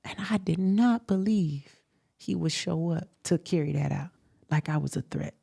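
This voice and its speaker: A young adult woman hosting a show, telling a personal story in a candid interview, animated and emphatic, laughing often. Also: sits low, normal speed, gravelly, breathy edge, dry recording, clean studio sound. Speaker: host.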